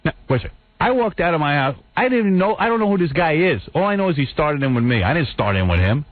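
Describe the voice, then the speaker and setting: A man's voice: a little high, very animated, quick pace, no echo. A man hosting a radio show, telling a story in a casual New way and acting out the quotes. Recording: dry, tinny phone-like radio audio.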